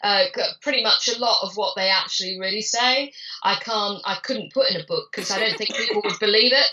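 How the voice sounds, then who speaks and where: Woman, middle-aged, bright voice, animated storytelling, distant muffled remote audio. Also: medium pitch, fairly quick. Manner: animated storyteller, acts out family quotes. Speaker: author guest. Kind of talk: casual interview chat.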